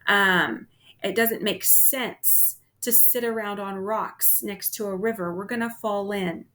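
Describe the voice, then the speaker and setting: A woman's voice: mid-range voice, steady tone, slow pace, sharp tone. A woman teacher giving a casual literature lecture, with frequent "um"s and "okay?" check-ins to the class.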